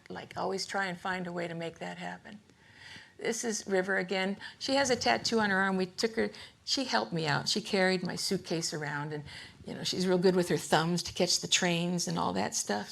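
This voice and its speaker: Older woman, gravelly, rambling funny lecture, laughs a lot, talks to a live audience. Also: lowish voice, brisk, a bit bright. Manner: chatty, laughs often, self-interrupting. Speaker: artist giving a lecture. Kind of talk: rambling humorous storytelling talk.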